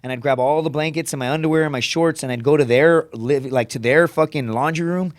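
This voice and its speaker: Podcast guest: quick, slightly high voice, foul-mouthed storyteller, dry sound. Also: male voice, no room sound. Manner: profane, rapid storytelling with frequent "dude" and "right?"; acts out quoted voices with raised pitch.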